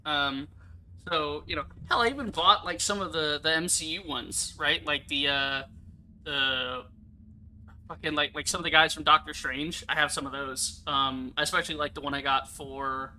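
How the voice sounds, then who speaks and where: Male streamer, very bright forceful tone, loose rambly chat full of swearing. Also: fairly high pitch, steady tone, normal speed, slight background noise. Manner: rambling, chatty, swears a lot; enthusiastic about collectibles. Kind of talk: casual livestream chat.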